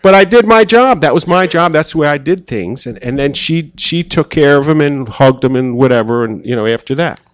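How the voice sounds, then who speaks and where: A man speaking at a church gathering in a relaxed, conversational sermon style, telling personal stories with self-deprecating humor. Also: on the high side, a little fast, hardly any pauses. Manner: casual, self-deprecating, acts out quoted voices.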